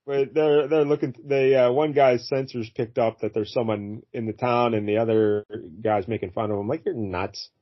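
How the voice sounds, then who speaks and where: A man's voice: medium pitch, steady tone, normal speed, few pauses, highs cut off. A man hosting a casual comic book review, talking in a rambling way with many fillers and restarts. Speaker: podcast host.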